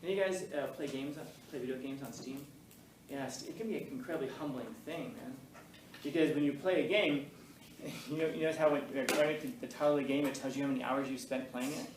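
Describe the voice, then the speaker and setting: A man's voice: medium pitch, fast talker, noisy background. A man teaching a class, telling rambling, self-deprecating stories and laughing often. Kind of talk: classroom talk to students. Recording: echoey room, mic far off.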